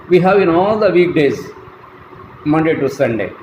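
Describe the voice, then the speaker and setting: A man giving a slow, deliberate classroom lecture as a college lecturer, spelling words out letter by letter. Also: on the high side, animated, darkish tone, lo-fi sound. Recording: echoey room, faint traffic noise.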